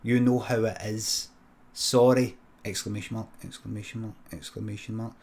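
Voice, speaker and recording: A Scottish comedian improvising a comic story with deadpan, sweary narration and quick muttered asides. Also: male voice, fairly low pitch, creaky. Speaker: comedian streamer.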